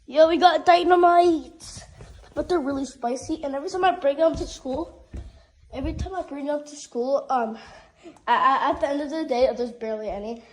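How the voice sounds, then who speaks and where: A woman's voice: sits high, fairly quick, rough recording. A young woman vlogging with her cat, chatting casually in a playful, rambling way with many restarts.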